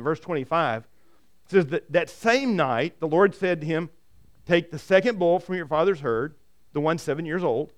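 A man preaching a sermon, retelling a scripture story in a lively way and often repeating words as he starts a sentence. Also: high voice. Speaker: pastor.

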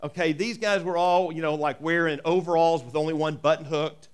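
High-voiced folksy preacher man. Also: a little fast, clean tone. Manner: folksy, joking asides, lively preaching. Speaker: pastor. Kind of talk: sermon.

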